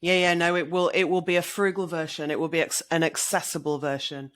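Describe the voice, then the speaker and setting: Easygoing woman, measured and agreeable. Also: on the low side, level tone. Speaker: podcast co-host. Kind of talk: casual chat.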